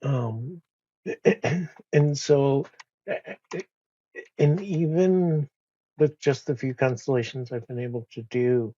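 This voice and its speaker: A man speaking as a podcast guest in a slow, soft-spoken, reflective way, pausing often and restarting his sentences. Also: medium pitch, muffled recording. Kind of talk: reflective conversation.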